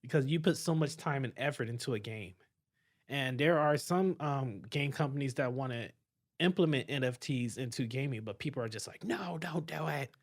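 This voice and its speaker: A young man hosting a casual podcast chat, animated and swearing freely, often stumbling and restarting his words. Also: mid-range voice, normal speed. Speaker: podcast host.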